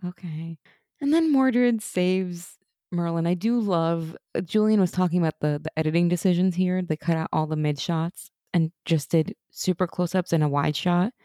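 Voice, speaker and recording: A woman co-hosting a casual podcast recap, her voice low and mellow. She talks animatedly and mocks characters with sarcastic quoted lines. The sound is close and dry. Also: no room sound. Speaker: podcast co-host. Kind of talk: casual episode recap chat.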